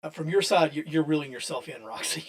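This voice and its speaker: A man with a slightly raised pitch runs a tabletop game as game master. His narration is loose and conversational, full of restarts and easy laughter. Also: fairly even intonation, quick pace, gravelly. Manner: chatty, loose, often laughing, many restarts.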